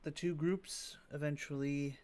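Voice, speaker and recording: A man running a tabletop game as game master, giving rulings and narrating the action in a relaxed way with frequent filler pauses. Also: on the high side.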